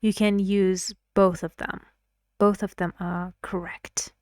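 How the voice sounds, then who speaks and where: A woman teaching an English pronunciation lesson, speaking slowly and clearly and reading example sentences aloud. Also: mid-range voice, flat delivery, a little mellow, no echo, studio quality.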